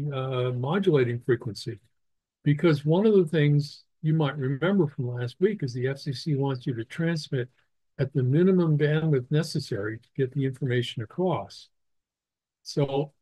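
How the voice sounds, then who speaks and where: A man teaching a ham radio licensing class over slides, explaining slowly with many restarts and fillers. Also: a little high, warm tone, no echo, rough recording. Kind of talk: technical lecture over slides.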